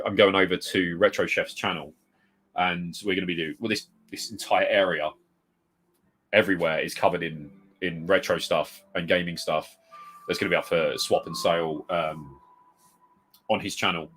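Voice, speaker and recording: Low-voiced man rambling on a live stream. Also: steady tone, moderate pace, a bit bright, slight background noise. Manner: rambling, reads out viewer comments and greets them. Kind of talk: casual live-stream chat. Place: home room full of retro games. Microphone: desk mic moved close.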